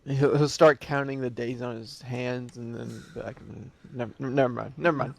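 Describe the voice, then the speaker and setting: A man's voice: mid-range voice, fairly even intonation, moderate pace, vocal fry. A man playing a tabletop game, talking in a stammering, flustered way. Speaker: player.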